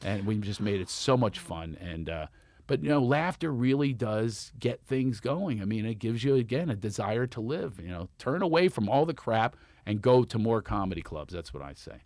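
Animated male comedian telling stories. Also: moderate pace, no room sound, clean studio sound. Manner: animated storyteller, acts out quotes with big pitch jumps. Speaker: comedian guest. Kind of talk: casual storytelling chat.

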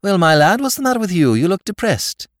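A man voicing a brash, mocking young English gentleman in an audiobook reading, theatrical and quick-tongued. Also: sits high, very animated, dry recording, studio quality, voice pushed up. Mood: bantering.

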